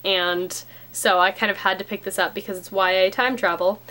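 A young woman chatting to camera about her new books, upbeat and rambling, with plenty of fillers. Her voice is at an ordinary middle pitch and cracks a little now and then. She sounds casual and excited. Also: normal speed. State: slightly cracking voice. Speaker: book vlogger.

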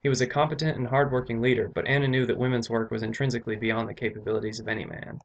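A man reading aloud from his own novel, steady with occasional self-corrections. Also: mid-range voice, fast talker, creaky.

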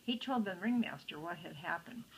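A woman's voice: fairly low pitch, expressive, moderate pace, breathy edge, poor audio. Older woman reading a picture book. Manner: chatty asides to young listeners. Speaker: storytime reader.

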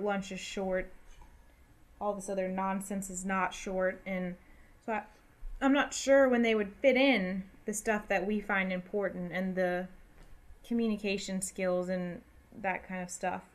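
Woman cohosting a talk show, opinionated, pushes her points hard. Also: medium pitch. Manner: opinionated, emphatic. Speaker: podcast co-host. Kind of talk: casual political chat.

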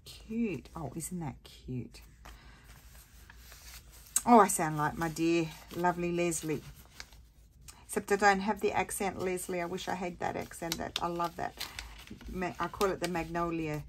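A woman's voice: on the low side, steady tone, normal speed, a little hiss or hum. A tired woman rambling and thinking aloud as she hosts a casual crafting tutorial. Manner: chatty, rambling, thinks aloud while working.

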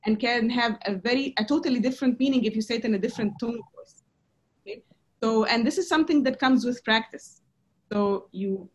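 A woman lecturing a class on presentation skills, her voice sitting a little high. She speaks haltingly, with frequent fillers and restarts.

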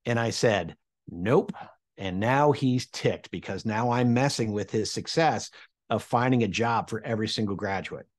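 A man in his forties from the American Midwest recounts a personal anecdote to camera in a lowish voice at normal speed. When quoting others, he acts them out with sharp leaps in his voice, storyteller style.

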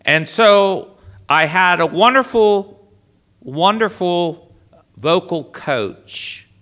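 Male priest speaker, bright voice, slow and lively storytelling. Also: high-pitched. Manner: animated anecdotal storyteller. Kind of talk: storytelling talk to an audience.

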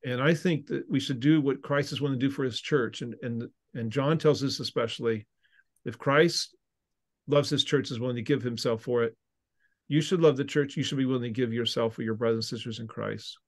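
A man speaks in a mid-pitched voice, explaining patiently like a teacher answering a podcast host. He often restarts his sentences as he thinks aloud. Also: fairly quick. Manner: earnest, teaching tone with frequent restarts. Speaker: seminary professor and ordained minister.

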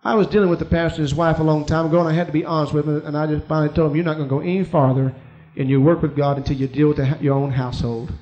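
High-voiced preacher telling a church story. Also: male voice, steady tone, rapid-fire, dark tone, lo-fi sound. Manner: storytelling preacher, rising to emphatic peaks. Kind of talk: sermon.

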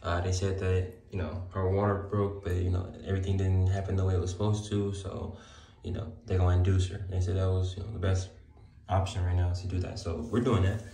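A man's voice: deep voice, flat delivery, fairly quick, dark tone, breathy edge. A young man casually vlogging from a hospital room, talking to his viewers in loose slang. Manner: laid-back, slangy, talks to viewers.

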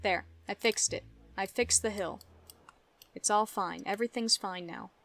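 A woman's voice: mid-range voice, unhurried, gravelly, a bit bright. A young woman giving casual gameplay commentary, chatting to her game characters and laughing often. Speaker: let's play gamer.

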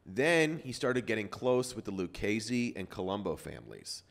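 A man's voice: fairly low pitch, sing-song, moderate pace, vocal fry. A man hosting a podcast, telling a story in loose casual chat with lots of fillers and swearing. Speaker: podcast host.

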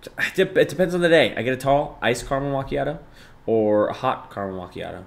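A young man hosting a live stream, reading chat aloud and thanking viewers, jumping between loud bursts of excitement and low mumbled asides. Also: fast, creaky. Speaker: livestreamer.

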